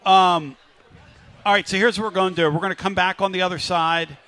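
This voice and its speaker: A man hosting a live sports talk radio show from a restaurant, talking loud and hyped as he works up the crowd. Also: high-pitched, steady tone, a little fast. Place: live remote broadcast at a riverside restaurant.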